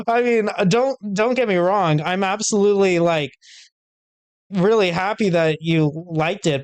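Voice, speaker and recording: A man's voice: sits high, unhurried, clear, resonant tone, no room sound. A man streaming a visual novel, chatting casually and self-deprecatingly with his viewers.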